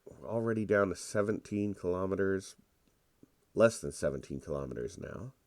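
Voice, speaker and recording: A man's voice: sits low, normal speed, no echo. A man with a congested voice giving casual, rambling commentary over his own gameplay. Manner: relaxed, rambling and self-deprecating.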